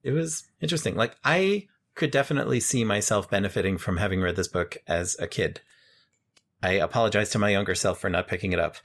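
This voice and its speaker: Talking fast in a lowish voice, this co-host retells a film for a casual review chat, performing the characters' quotes with animation. He's from New York City, and the podcast is recorded at home in Queens.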